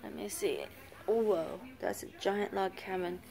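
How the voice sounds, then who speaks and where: An older woman babysitting her grandchildren softly narrates a home video in an upstairs family room, shot on a handheld phone camera. Her medium-pitched voice is sing-song, unhurried and creaky, often dropping to a whisper. She coaxes and praises the little ones in grandmotherly baby talk.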